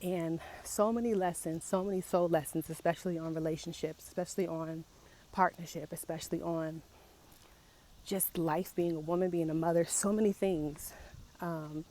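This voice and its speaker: A young woman speaking in a raw, confessional vlog, emotional and halting, often repeating herself as she works through her feelings. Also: fairly low pitch, steady tone, dark tone. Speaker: vlogger.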